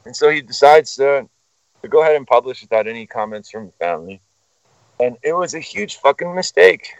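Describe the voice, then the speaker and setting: A man's voice: lowish voice, no room sound. A man telling a story as a guest in casual chat, swearing freely and rambling off on tangents. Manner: profane, animated, rambling. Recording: dull lo-fi sound, dry.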